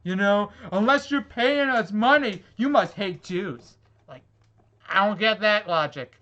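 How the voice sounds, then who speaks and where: A man's voice: sits high, a little slow, sharp tone, lo-fi sound. A man reading online comments aloud in a vlog and reacting to them with sarcastic, swearing exasperation. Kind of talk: angry rant reacting to comments.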